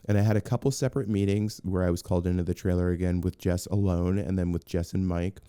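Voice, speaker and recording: A man's voice: low voice, quick pace, clear, resonant tone, no room sound, studio quality. A man as a podcast guest, telling a story in casual chat, acting out what people said and restarting his sentences often. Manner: animated, acts out quotes, frequent restarts.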